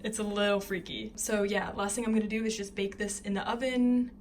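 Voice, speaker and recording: A woman's voice: medium pitch, steady tone, brisk, a little hiss or hum. A young woman co-hosting a food channel, talking casually through a recipe with lots of fillers and giggles. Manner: chatty, filler-heavy, giggly. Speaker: co-host. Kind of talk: casual cooking vlog narration.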